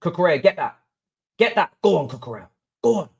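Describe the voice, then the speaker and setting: Excitable young man streaming football. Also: fairly high pitch, fast talker, creaky. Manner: excitable, swings from murmurs to hype chants. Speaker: livestream host. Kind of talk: live football watch-along chat.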